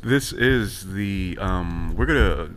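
A man with a fairly low voice hosts a casual chat podcast. He rambles, trips over his own sentences and laughs a lot as he goes. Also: expressive, slow pace, heavy background noise. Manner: rambling, self-interrupting, laughs often. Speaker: podcast host.

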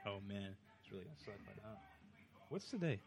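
A man's voice: lowish voice, sing-song, normal speed, vocal fry, darkish tone. A man co-hosting a casual podcast from home, joking around, swearing freely and laughing often. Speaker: podcast co-host. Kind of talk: casual chat. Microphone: table microphone.

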